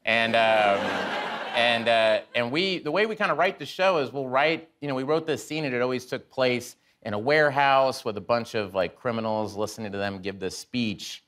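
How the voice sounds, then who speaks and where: A man in his forties, a talk show guest, telling animated stories and doing quick impressions of friends. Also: medium pitch. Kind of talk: casual chat.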